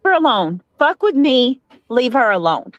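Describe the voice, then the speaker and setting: A woman's voice: a little high, sing-song, measured pace, no room sound, dull audio. A woman ranting casually on her own livestream, complaining and swearing in passing. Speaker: streamer in a played clip.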